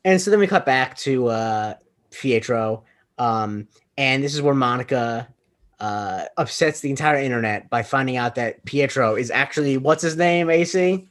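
A man's voice: medium pitch, normal speed, fairly bright tone. A man recapping a TV episode in casual podcast chat, rambling with many fillers and joking at his own expense. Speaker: podcast co-host.

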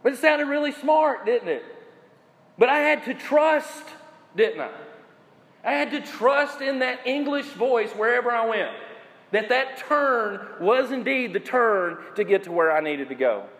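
A male pastor delivering a sermon, preaching in slow, emphatic phrases and putting questions to the congregation. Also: very high voice, expressive, a bit bright, long reverb tail.

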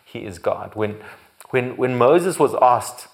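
A man preaching a sermon as pastor, building to loud, emphatic repeated phrases and sometimes correcting himself. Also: mid-range voice, expressive, slow, creaky. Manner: occasional restarts and self-corrections.

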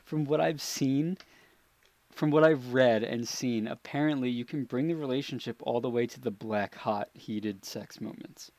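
A man's voice: medium pitch, moderate pace, a little mellow, no echo. A young man co-hosting a gaming podcast, talking casually and rambling, often laughing and restarting his sentences. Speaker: podcast co-host. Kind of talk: casual chat.

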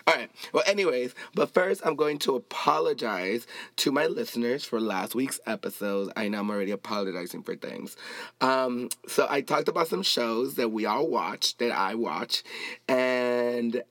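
A man's voice: medium pitch, expressive, moderate pace, fairly bright tone, no room sound. Male podcast host from Los Angeles, casual and chatty with playful asides, recorded dry. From Los Angeles, United States. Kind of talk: casual solo podcast chat.

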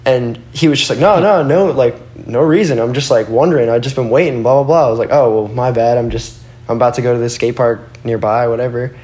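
Telling rambling stories casually as a guest, this young skateboarder curses freely and fills his speech with "like." His mid-range voice is fast, fairly even in intonation and a little mellow. An echoey room colours the audio.

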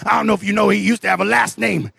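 A man, a wrestler, giving a boisterous post-match interview, hollering and mock-lecturing, his voice going hoarse. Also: sits high, steady tone, racing, sharp tone, no room sound, studio quality. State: hoarse, losing voice. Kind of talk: boisterous shouting promo.

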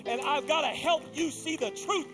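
High-voiced passionate male preacher. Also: normal speed. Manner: passionate, rising to emphatic peaks, conversational asides. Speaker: pastor. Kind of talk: sermon.

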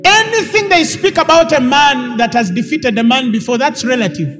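A man preaching a sermon to a congregation, emphatic and repetitive, building up to shouts. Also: very high voice, expressive, normal speed, music in the background. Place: church hall with congregation.

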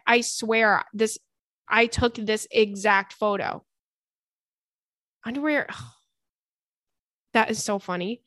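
A woman's voice: fairly high pitch, bright, forceful tone, no room sound, clean studio sound. A young woman hosting a podcast, chatting candidly about listener stories, swearing freely and laughing often. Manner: reads listener emails aloud. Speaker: podcast host. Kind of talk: casual chat.

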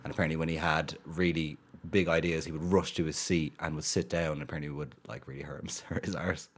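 A man's voice: extremely low pitch, steady tone, fast talker, husky. A man co-hosting a podcast, chatting casually, sharing odd trivia and laughing often. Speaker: podcast co-host.

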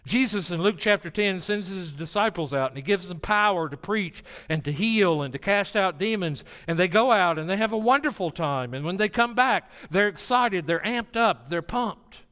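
A man preaching a sermon, swinging between hushed, solemn passages and emphatic, lively ones. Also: high-pitched, normal speed, few pauses. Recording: long reverb of a large hall.

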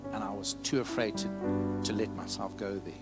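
A man's voice: on the low side, steady tone, fairly quick. A man preaching a sermon as pastor, fervent and candid, leading the congregation in call-and-response and sharing his own testimony. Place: church service. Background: piano music.

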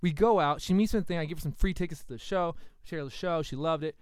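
A man with a clear, smooth, slightly high voice chatting on a podcast. He rambles through a story, and the sound is close and dry. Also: fast, a little mellow, no echo. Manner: rambling storyteller with many fillers and restarts. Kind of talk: casual podcast chat.

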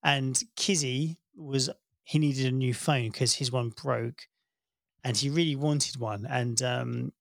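A man in his thirties chatting casually, telling a warm family story and acting out the voices he quotes. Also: mid-range voice, slow pace, gravelly, no echo, clean studio sound. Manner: warm storytelling, animated when quoting. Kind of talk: casual chat.

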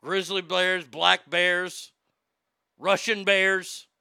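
A man hosting a live show, riffing on the news in a loud, profane, mocking rant full of stammers and jokes. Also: sits high, level tone, very slow, gravelly, clear, resonant tone, no echo, clean studio sound. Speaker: live show host reading chat.

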